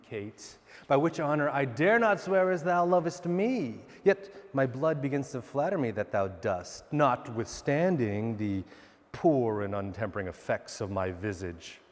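A man's voice: medium pitch, expressive, a little slow, lightly acted. A man playing King Henry, bluff and earnest, in a long reverb. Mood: earnest wooing. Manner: declaiming, wide swings between soft and emphatic. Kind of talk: Shakespearean dramatic monologue. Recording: long reverb, a bit distant from the mic.

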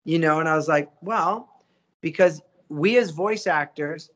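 A man, a voice actor guest, telling stories in a casual interview, lively and coaching with acted-out quotes. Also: a little high, unhurried. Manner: animated, acts out quotes, coaching.

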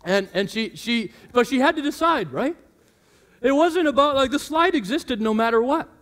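A man's voice: extremely high pitch, expressive, normal speed, a bit bright. A man in his thirties, a pastor telling a family story in his sermon and acting out his children's voices.

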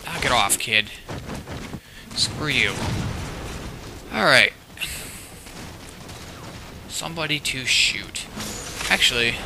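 A man's voice: mid-range voice, creaky. A young man giving casual commentary over his own online match, often exclaiming in frustration at lag and other players. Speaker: gaming channel host. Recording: faint game noise behind voice.

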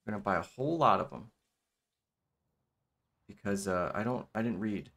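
A man's voice: fairly low pitch, normal speed, vocal fry, a bit bright. A man giving casual let's-play commentary, rambling with lots of fillers and repeated "okay.". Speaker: gameplay commentator.

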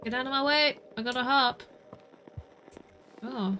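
Excitable high-voiced woman streaming a game. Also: unhurried, poor audio. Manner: chatty, self-narrating, excitable yelps. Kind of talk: live gameplay commentary. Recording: background noise under voice.

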